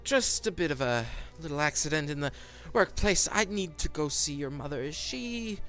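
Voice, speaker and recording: A man's voice: on the high side, expressive, normal speed, a bit bright, faint music behind. A man voicing a drow elf craftsman father who talks in flustered, grumbling bursts and sighs over his absent wife. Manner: flustered, sighing, muttering complaints.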